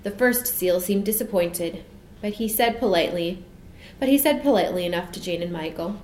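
A woman narrating a children's storybook in a gentle, measured way. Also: fairly low pitch. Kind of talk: storybook reading. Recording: echoey room, faint noise.

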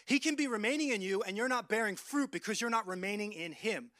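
A man's voice: high-pitched, fast, a bit bright, no echo. A man preaching a sermon, earnest and repeating words as he quotes scripture.

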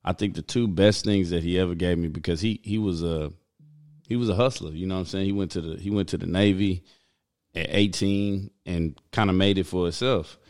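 A man's voice: low voice, fairly even intonation, a little fast, darkish tone. A young adult man in casual chat, laid-back and slangy, laughing often.

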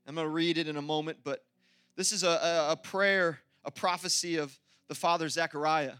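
A man preaching a sermon as pastor, energetic and exclamatory, with playful asides to the congregation. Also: a little high, moderate pace, clear, resonant tone, no room sound, clean studio sound, faint music behind.

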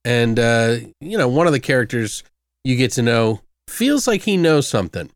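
A man's voice: mid-range voice, very animated, normal speed, dry recording, clean studio sound. A young man co-hosting a casual movie review podcast, rambling and loose, swearing freely, with lots of fillers.

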